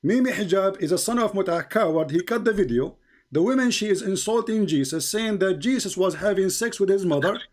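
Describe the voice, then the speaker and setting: A man's voice: high-pitched, expressive, fairly quick. A man hosting a heated live debate over a video call, combative and repetitive, with broken grammar. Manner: combative, repeats phrases, non-native grammar. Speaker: host.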